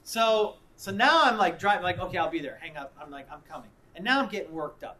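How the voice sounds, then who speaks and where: Animated man telling a sermon story. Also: sits high, fairly quick. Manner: animated storyteller, acts out quotes. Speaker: pastor.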